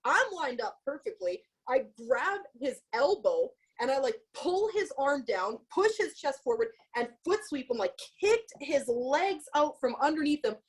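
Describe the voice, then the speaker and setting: A woman co-hosting a podcast, telling a story in a casual, profane, animated way and quoting herself. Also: high voice, measured pace, few pauses. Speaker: podcast co-host.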